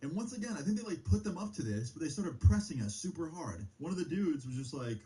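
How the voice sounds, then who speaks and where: Young dude rambling a story on stream, warm mellow voice, lots of likes and cussing. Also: male voice, very animated, quick pace, hardly any pauses, poor audio. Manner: loose and profane, many fillers; pitch jumps up on exclamations. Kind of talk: casual storytelling.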